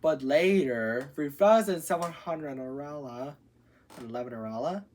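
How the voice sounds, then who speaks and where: A woman hosting her channel, reading a parody fairy tale aloud with lively storytelling, stumbling over long names. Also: deep voice, a little slow.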